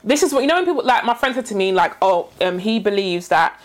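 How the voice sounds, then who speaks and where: A woman's voice: mid-range voice, lively intonation, fast talker. A young woman in casual chat, earnest and reflective, her talk threaded with "like". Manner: earnest, reflective, many "like" fillers.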